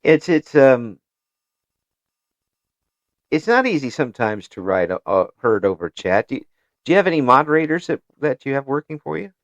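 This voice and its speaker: A man with a middle-range voice hosts a relaxed chat, stumbling over repeated words before landing his question. His sound is dry and close to the mic. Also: mid-range voice, normal speed, long pauses, no echo, muffled recording. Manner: hesitant, repeats words while forming questions. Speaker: interview host. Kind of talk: casual interview chat.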